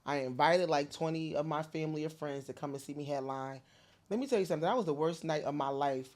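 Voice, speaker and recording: A woman comedian from New Jersey, telling animated, colorful stories in a casual interview and swearing freely. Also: deep voice, fast. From Paterson, New Jersey. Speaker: comedian and guest.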